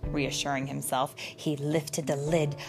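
A woman reading a children's storybook aloud in an expressive way, with dramatic pauses and the odd question to young listeners. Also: deep voice, creaky, music in the background.

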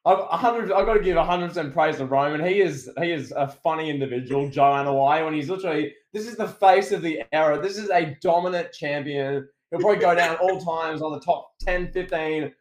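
Guy on a wrestling podcast, bit high voice, roomy echo, super animated. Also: a little fast, few pauses. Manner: animated, acts out wrestlers in loud mock voices. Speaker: podcast co-host. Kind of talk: casual wrestling review chat.

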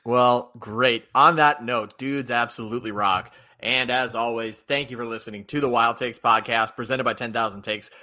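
A young man hosts a casual podcast chat. His voice is bright and forward, and he rambles with lots of fillers and restarts. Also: mid-range voice, steady tone, moderate pace, hardly any pauses. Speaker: podcast host.

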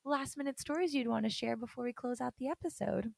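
A woman's voice: fairly high pitch, fast talker, creaky, no room sound. A woman hosting a podcast, who talks in a gushing, effusive and enthusiastic way. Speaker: podcast host. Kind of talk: conversational podcast interview.

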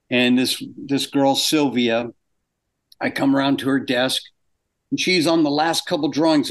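An older man telling anecdotes in a casual interview, acting out quoted exchanges with animated shifts in pitch. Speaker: guest animator.

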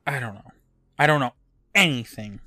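A man in casual podcast chat, walking through a story beat by beat with a wry, deadpan edge. His voice sits at a middling pitch and sounds close and dry, with no room around it. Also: normal speed, no echo. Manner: dry, wry plot recapping with offhand swearing. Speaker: podcast co-host recapping an episode.

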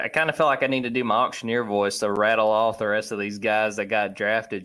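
A man's voice: fairly low pitch, steady tone, quick pace, few pauses, fairly bright tone, clear, resonant tone. A man hosting a casual sports podcast, talking in a loose, conversational way with frequent restarts. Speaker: podcast host.

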